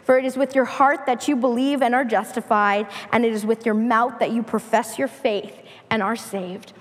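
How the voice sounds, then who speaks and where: Female preacher, high voice, slow and emphatic sermon delivery, big reverberant hall. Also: steady tone.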